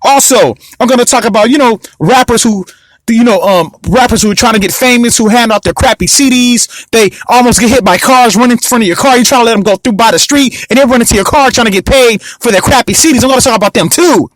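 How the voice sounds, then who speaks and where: A man hosting his own podcast in a rambling, casual way, with sarcastic asides about how excited he is. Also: very high voice, fast, no room sound. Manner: sluggish, mock-excited intro. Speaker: podcast host.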